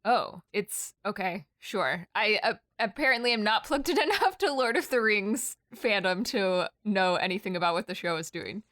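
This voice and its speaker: A woman chatting on a podcast with a curious, questioning manner. She often pokes fun at her own gaps in knowledge. Her voice is mid-pitched and recorded dry and close. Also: lively intonation, normal speed, hardly any pauses, fairly bright tone, no room sound. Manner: curious, asks questions, self-deprecating. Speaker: podcast co-host. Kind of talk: casual podcast chat.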